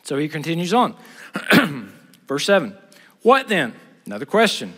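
A man's voice: on the high side, very animated, a little slow, fairly bright tone, slightly rough. A middle-aged man preaching a sermon in an emphatic, blunt, conversational way. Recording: reverberant hall.

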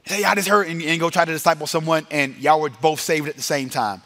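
A man preaching a sermon to a congregation in a chapel, energetic and quick to laugh at himself, stretching out the words of a solemn benediction. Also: fairly high pitch. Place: chapel or hall with a live audience.

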